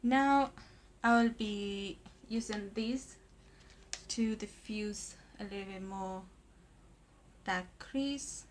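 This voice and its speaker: A slow, halting woman from Argentina, chatting through her makeup vlog. Her speech is full of pauses and fillers. A clear hiss of noise sits under the recording. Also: mid-range voice. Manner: hesitant, many pauses and fillers. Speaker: makeup vlogger. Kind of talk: casual makeup tutorial.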